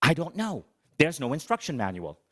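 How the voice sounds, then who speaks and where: A middle-aged man giving a motivational talk on stage, telling a comic story in an animated, dramatic, self-mocking way. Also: a little high, moderate pace. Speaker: motivational speaker.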